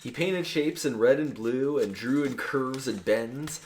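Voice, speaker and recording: A man co-hosting a podcast, reading a comic poem aloud with a lively, rhythmic delivery. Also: mid-range voice, measured pace, a little hiss or hum. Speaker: podcast co-host. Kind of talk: casual chat, reading verse aloud.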